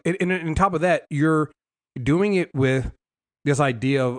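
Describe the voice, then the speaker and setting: A young adult man hosting a casual TV recap show, talking in a lively, rambling way full of fillers and restarts. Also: mid-range voice. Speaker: podcast host.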